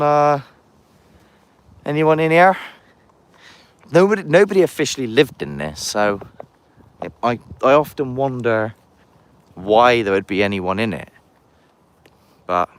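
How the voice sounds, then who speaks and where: A man's voice: sits low, clean tone. A man chatting casually on a live stream outdoors by a castle, rambling and greeting viewers as he walks. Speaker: paranormal investigator streaming live.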